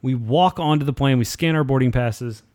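A man in his thirties tells a story on a casual podcast, swearing freely and getting animated as he goes. His voice sits at an ordinary pitch for a man. The sound is dry and close, with no room around it. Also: moderate pace, dry recording. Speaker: podcast co-host.

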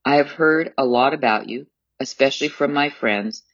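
A man's voice: medium pitch, moderate pace, a bit bright, no room sound, voice pushed up, natural voice. Poised, commanding woman customer, read by a male narrator, dull, muffled sound. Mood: polite, commanding. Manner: polite but commanding. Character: insistent, composed woman customer, middle-aged. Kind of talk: audiobook memoir reading.

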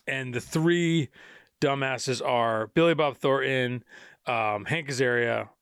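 A man's voice: mid-range voice, slow, fairly bright tone, clear, resonant tone, no room sound, clean studio sound. A man hosting a casual film podcast, rambling through plot summaries with many restarts and fillers. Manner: rambling, full of restarts and "you know". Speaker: podcast host.

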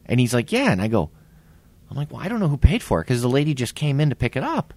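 Fast and medium-pitched, a man in his forties co-hosts a casual podcast, swearing and animatedly acting out quotes as he tells a workplace story. The recording is dry.

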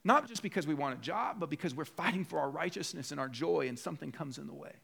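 Conversational preaching man, a little higher voice. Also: lively intonation, fast, creaky, a bit bright, slightly rough. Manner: conversational preaching, rising to emphatic voicing of inner thoughts. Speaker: pastor. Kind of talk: sermon. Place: church.

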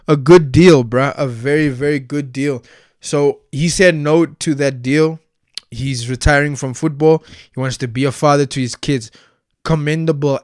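A man's voice: on the high side, dry recording, studio quality. A young South African man giving casual solo commentary, profane and heated, heavy with slang.

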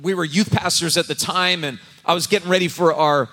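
A man's voice: fairly high pitch, fairly even intonation, a little fast, bright, forceful tone. A middle-aged male pastor preaching a sermon, telling a personal story in a humorous, conversational way. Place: church sanctuary. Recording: echoey church sanctuary.

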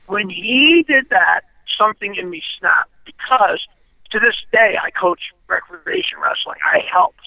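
A man with a high, rough, gravelly voice talks bluntly through an interview, swearing freely and checking in with "you know" and "okay?". The sound is thin and phone-like, with no room around it. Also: wildly swooping pitch, measured pace, no room sound. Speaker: interview guest. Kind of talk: candid storytelling interview. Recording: tinny phone line, dry.

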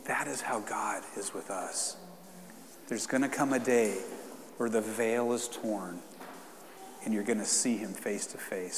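A man's voice: on the low side, measured pace, pauses often, a little hiss or hum. A man preaching a sermon to his congregation in a casual, conversational way, then leading a fervent prayer. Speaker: pastor. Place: church sanctuary. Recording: long reverb in a church hall.

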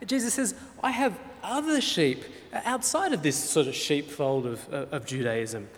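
A man's voice: a little high, expressive. Earnest preacher man in a reverberant hall. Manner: earnest, pausing often with fillers. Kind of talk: sermon.

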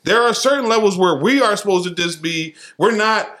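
A man's voice: expressive, fairly quick, sharp tone. A man co-hosting a podcast, talking in a brash, profane and mocking way in casual banter. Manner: brash, profane, mocking, acts out quotes in high voices. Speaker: podcast co-host.

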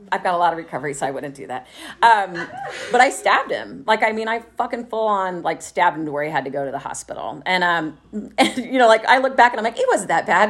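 A middle-aged woman from Texas, telling a personal story to a live audience in a candid, wry way, often laughing and saying "like". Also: mid-range voice. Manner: candid, wry, laughs through dark memories, many fillers like "like".

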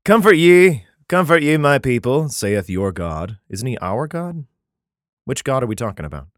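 A congested man reading old bible verses slowly and solemnly, then breaking off with profane, sarcastic asides and clearing his throat. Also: medium pitch, sing-song, no room sound, studio quality. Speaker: scripture reader and commentator. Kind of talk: bible reading with irreverent commentary.

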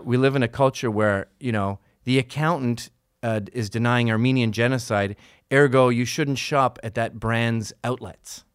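A middle-aged man delivering a solo podcast monologue in a profane, sarcastic rant. His voice sits in an ordinary middle pitch and sounds dry and close in a studio. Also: smooth, no echo. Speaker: podcast host.

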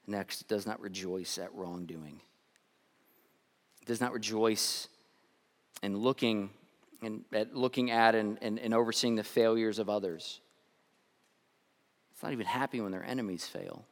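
A man's voice: on the low side, steady tone, measured pace, pauses often. Male pastor preaching in a reverberant church. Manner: conversational storytelling, often restarts and repeats words. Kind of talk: sermon. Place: church sanctuary. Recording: long reverb.

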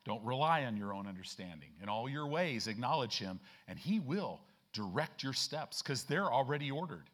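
A man preaching a sermon as a church pastor, folksy and emphatic, often checking in with "right?" and slowing down and growing louder to stress scripture. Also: sing-song. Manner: slows and rises in pitch and volume to stress scripture.

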